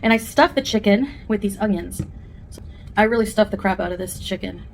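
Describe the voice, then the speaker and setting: A woman's voice: mid-range voice, a little fast, a little hiss or hum. Chatty woman rambling over a meal. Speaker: food vlogger. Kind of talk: casual mukbang chat.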